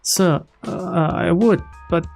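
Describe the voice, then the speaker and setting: A man's voice: slow, gravelly, a little mellow, faint music behind, full character voice. A man voicing a nervous young male cop who stammers and apologizes on the phone. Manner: stammering, apologetic, raised pitch.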